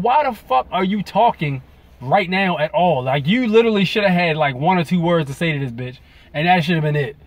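Heated, profane man ranting. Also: sits high. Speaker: video blogger. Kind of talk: ranting commentary to camera.

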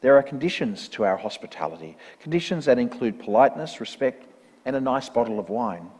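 A man reading a parable aloud in a church service, in a measured, earnest storytelling manner. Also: mid-range voice, lively intonation, a little mellow, husky. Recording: long church reverb.

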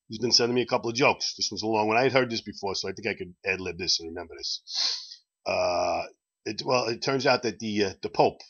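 A man's voice: fairly low pitch, pushed and bright, slightly rough, muffled recording. A man hosting a casual promotional video chat for his bar, rambling and chuckling as he sways in and out of frame. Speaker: bar owner and vlog host.

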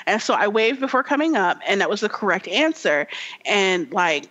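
A woman co-hosting a podcast, recounting a story in a loose, animated way full of "like" and little acted-out voices. Her pitch sits in the middle for a woman. The sound is a bit dull and lo-fi. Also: normal speed. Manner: animated storytelling with many fillers, acts out game characters. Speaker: podcast co-host. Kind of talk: casual chat.

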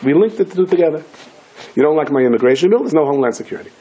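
American rabbi giving a lively torah talk, bit husky, shouts out the story voices. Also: male voice, on the high side, racing. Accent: American English with Yiddish and Hebrew words. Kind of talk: Torah lecture.

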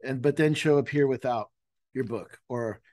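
A man's voice: medium pitch, moderate pace, dark tone, no echo. Easygoing male podcast host, dry sound. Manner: easygoing, chimes in with short agreements. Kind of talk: conversational interview.

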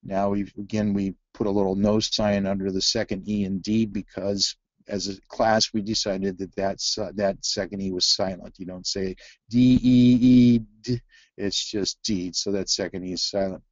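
A man's voice: sits low, level tone, moderate pace, fairly bright tone, no echo, muffled recording. A man teaching a phonics webinar, talking through word activities with many fillers and restarts. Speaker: reading teacher presenting a webinar. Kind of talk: webinar presentation.

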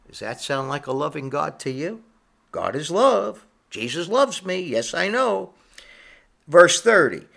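A man's voice: a little high, big pitch swings, a little slow, vocal fry, a bit bright. A man preaching a sermon, emphatic and full of rhetorical questions, repeating his points.

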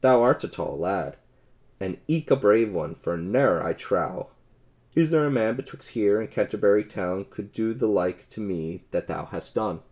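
A man's voice: expressive, measured pace, darkish tone. A man voicing a bold, merry male outlaw leader in an audiobook, speaking in old-fashioned hearty tones. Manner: old-fashioned hearty speech, raised pitch.

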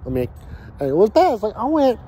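A man's voice: high voice, huge pitch swings, a little fast, dark tone, slight background noise. A man ranting casually and profanely about his work week while grilling outdoors. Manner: profane, heated storytelling. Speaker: vlogger.

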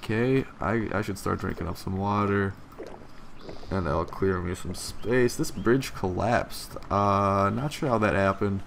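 A man giving casual let's-play commentary, profane and grumbling, who bursts into loud frustrated yelling. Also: low voice, a little slow, gravelly, a little hiss or hum. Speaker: gameplay commentator.

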